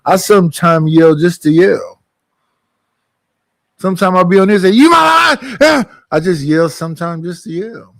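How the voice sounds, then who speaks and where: A man's voice: a little high, fairly even intonation, normal speed, long pauses, no room sound. A man hosting a livestream group call, talking bluntly and joking with a lot of swearing. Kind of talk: casual livestream chat.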